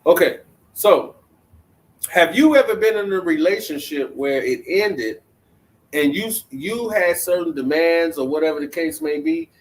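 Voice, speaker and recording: Dude hosting a talk show, talks kinda slow, keeps asking the chat stuff, pretty high voice. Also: male voice, lively intonation, poor audio. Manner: chatty, asks listeners questions. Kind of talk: casual commentary.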